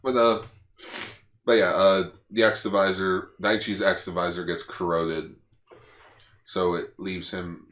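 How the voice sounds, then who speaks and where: A man co-hosting a podcast, retelling a plot in animated casual chat. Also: low-pitched, a little slow, long pauses, echoey room. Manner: animated retelling, lots of fillers. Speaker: podcast co-host.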